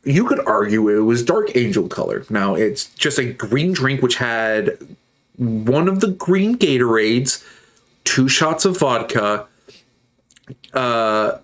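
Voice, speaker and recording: Building models live, a male streamer rambles and cracks jokes, stopping now and then to reply to his chat. His voice is medium-pitched with lively intonation, and he takes it slowly.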